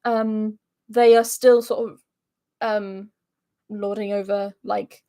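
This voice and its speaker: A woman's voice: medium pitch, little pitch movement, slow pace, dark tone. A woman co-hosting a casual stream, chatting loosely with lots of fillers and reading a story aloud. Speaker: co-host.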